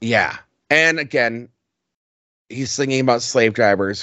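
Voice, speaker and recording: A man's voice: mid-range voice, a little slow, muffled recording, background noise. A man co-hosting a podcast in casual chat, blunt, profane and mocking as he reviews an album. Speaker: podcast co-host.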